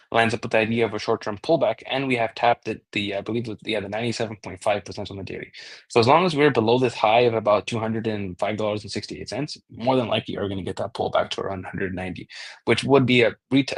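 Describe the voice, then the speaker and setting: A man's voice: fairly low pitch, husky. A man giving a casual chart analysis as a crypto trading analyst, talking loosely with frequent restarts and the odd swear word.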